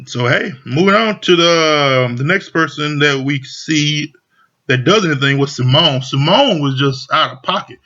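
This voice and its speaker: A man's voice: fairly high pitch, lively intonation, moderate pace, sharp tone. A man casually recapping a reality show, talking loosely with lots of slang and fillers. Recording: dull lo-fi audio.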